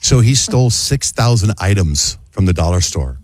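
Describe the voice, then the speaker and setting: A man hosting a morning radio phone-in, brisk and joking with the callers. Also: on the low side, lively intonation, a little mellow, dry recording, clean studio sound. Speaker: radio host.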